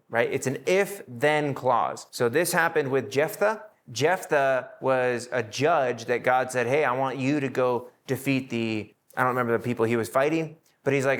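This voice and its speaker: A man's voice: normal speed, few pauses, fairly bright tone. A man teaching a Bible study to a live group, acting out the people in his stories with shifts in his voice. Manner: acts out quoted voices with shifts in pitch.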